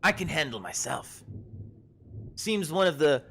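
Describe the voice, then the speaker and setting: A man's voice: fairly high pitch, big pitch swings, vocal fry, a little hiss or hum, voice pushed up, exaggerated voice. A man playing a hearty tall brewer woman. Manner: brisk, hearty, louder than his narration. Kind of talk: tabletop game role-play.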